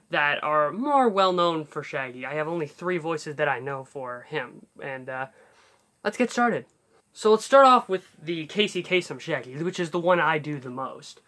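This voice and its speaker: A man's voice: fairly high pitch, lively intonation, normal speed, sharp tone. A man hosting a casual voice-impression tutorial, talking in a rambling way with fillers and restarts. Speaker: YouTube voice tutorial host.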